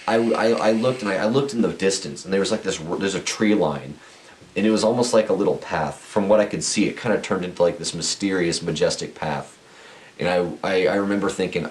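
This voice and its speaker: A man's voice: deep voice, fairly quick. A young man co-hosting a podcast, telling a rambling story with a laugh in it and lots of restarts. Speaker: podcast co-host. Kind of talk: casual storytelling chat. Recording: faint hiss.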